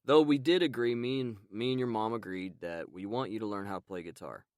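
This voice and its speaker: A man hosting a podcast, talking tenderly to his baby son in a rambling, casual way with frequent pauses. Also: on the low side, no room sound, clean studio sound. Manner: warm, rambling, with frequent ums and soft laughs. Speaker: podcast host and father.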